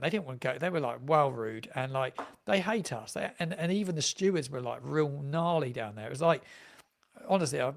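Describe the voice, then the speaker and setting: A man's voice: medium pitch, vocal fry. A man who is a football fan content creator, chatting on a live stream, rambling and repeating himself with many ums. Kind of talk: live-streamed transfer deadline chat.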